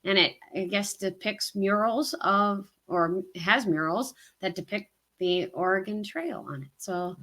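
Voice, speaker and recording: Southern lady rambling on a hiking livestream, lots of ums, bright tone. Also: mid-range voice, measured pace. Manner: chatty, rambling, with frequent ums and laughs. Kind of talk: casual live-stream chat.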